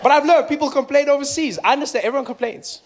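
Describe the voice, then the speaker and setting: A man's voice: extremely high pitch, fast, a faint crowd, a little hiss or hum. A man from South Africa with a South African accent, performing a playful stand-up comedy set and acting out characters. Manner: animated, playful, acts out characters.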